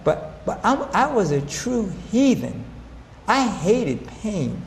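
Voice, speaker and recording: A man giving a faith-based health talk to an audience, animated, asking them questions and acting out both sides of conversations. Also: high voice, takes it slowly, gravelly, slight background noise. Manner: animated, asks audience questions, acts out dialogue. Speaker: health lecturer. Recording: hall reverb with faint ambience.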